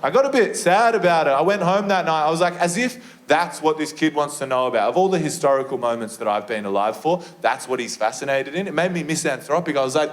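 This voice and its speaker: A young man with an Australian accent performing a stand-up set, telling an animated, sweary story and breaking into shrieked impressions. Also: a little high, fast talker, hardly any pauses. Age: young adult. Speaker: stand-up comedian. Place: comedy venue stage with a live audience. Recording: live room with audience laughter.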